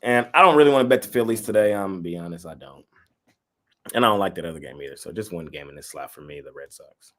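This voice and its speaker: A man's voice: sits low, expressive, quick pace, fairly bright tone. A man co-hosting a live sports betting picks show, blunt and trash-talking as he gives his plays.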